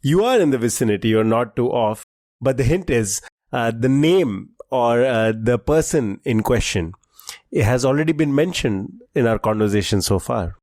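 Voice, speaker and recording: A man co-hosting a trivia podcast, relaxed and explanatory, filling pauses with "uh" while he lays out facts. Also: medium pitch, no echo, studio quality. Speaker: quiz podcast co-host. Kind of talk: casual quiz podcast chat.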